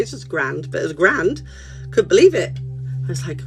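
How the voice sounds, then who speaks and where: Chatty woman, animated storyteller. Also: lowish voice, fast, poor audio. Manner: animated, chatty, swears casually. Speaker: spiritual counsellor. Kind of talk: casual livestream chat and storytelling. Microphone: phone livestream. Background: soft background music.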